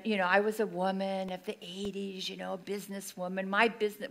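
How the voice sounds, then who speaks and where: Middle-aged lady preaching, bright voice, chatty and self-mocking, acts out her old lines. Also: mid-range voice. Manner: conversational and self-deprecating, acts out her own past lines. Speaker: minister. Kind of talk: sermon with personal storytelling.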